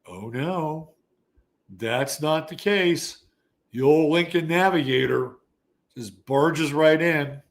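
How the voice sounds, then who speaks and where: A man in his sixties, an astrology show host, telling a casual story in an animated, profane, conversational way. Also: on the high side, slow pace. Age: 60s. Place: Texas.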